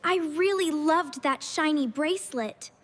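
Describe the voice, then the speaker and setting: Woman playing upset little girl, whiny, high pitched, slow, reverby. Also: a bit bright. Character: young girl upset over lost bracelet.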